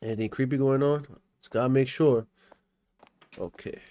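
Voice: mid-range voice, normal speed, mellow. A young adult commentating live over a game, panicky, often repeating words over and over. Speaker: gameplay commentator.

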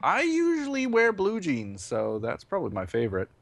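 A man's voice: sits high, huge pitch swings, normal speed, vocal fry. A young man teasing his friends in casual chat while they play a game.

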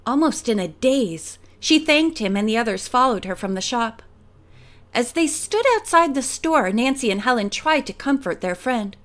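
High-voiced woman reading an audiobook. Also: lively intonation, moderate pace, a bit bright. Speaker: audiobook narrator.

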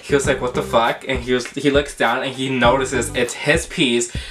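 A man's voice: medium pitch, flat delivery, moderate pace, a bit bright. A young man telling a storytime vlog in a sassy, dramatic, profane way, full of fillers. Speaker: vlogger.

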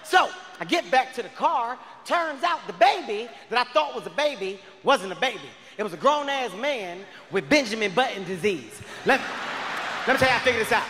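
A man doing stand-up, telling a wild story in a loud, frantic, shouting delivery on a big stage. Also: very high-pitched, lively intonation, normal speed, slight background noise. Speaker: stand-up comedian. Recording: live in a large hall with reverb.

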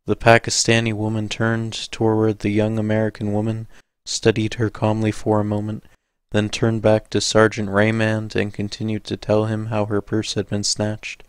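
A man narrating an audiobook in a measured, steady way. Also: fairly low pitch, smooth, no room sound.

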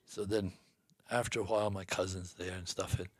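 A man's voice: sits low, flat delivery, a little fast, husky, no echo, clean studio sound. An older man from the northeastern United States, a guest telling a long hunting story in a folksy way, laughing between lines. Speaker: guest hunter. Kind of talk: storytelling in casual chat.

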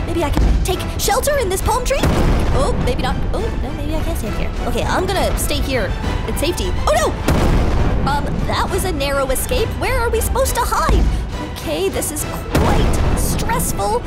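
A woman narrating a playful game story, excitable and chatty, with gasps and asides, over background music. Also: very high-pitched, moderate pace.

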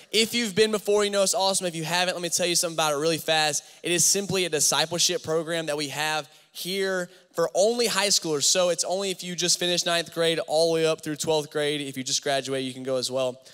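A young man in his twenties, a youth pastor talking to teenagers at a church service in a lively, slangy way, telling a story. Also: on the high side, smooth. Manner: animated, slangy, talks straight to the crowd. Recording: long hall reverb from a church auditorium.

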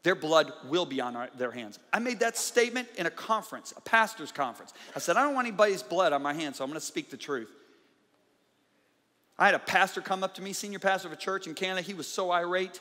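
A man preaching a conference sermon, emphatic, swinging from loud bursts to quiet intensity. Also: high voice, expressive, fast talker. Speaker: guest preacher. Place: large church conference hall. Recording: live hall with long reverb.

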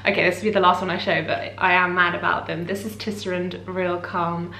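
A woman with a slightly low voice, talking in an easy, gushing vlog style, heaping praise on everything in front of her. Her voice carries a roomy echo, with a faint hum underneath. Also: little pitch movement, brisk, pushed and bright. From United Kingdom. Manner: gushing, effusive. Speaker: lifestyle vlogger. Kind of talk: casual vlog chat.

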